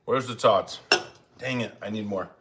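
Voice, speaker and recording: Streaming live from home on a phone, a man eats while rambling through casual, chatty talk and making jokes at his own expense. His voice sits fairly low at a normal speed, with a noisy background.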